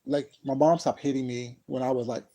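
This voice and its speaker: A man's voice: mid-range voice, fairly even intonation, a little fast, dark tone, low-quality recording. A man casually telling a personal story to his viewers, rambling and emphatic, with lots of "you know what I'm saying". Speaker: vlogger.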